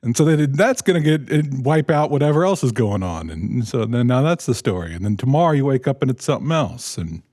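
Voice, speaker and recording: A man's voice: mid-range voice, very animated, fairly quick, few pauses, darkish tone, no echo, studio quality. A man in casual chat on a podcast, ranting with energy and laughing at his own jokes. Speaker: podcast co-host.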